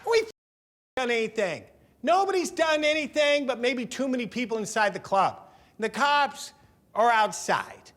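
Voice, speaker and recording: High-voiced man telling rowdy stories. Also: normal speed. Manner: lively, profane storyteller who acts out quotes. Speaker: documentary interviewee. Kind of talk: animated anecdote storytelling.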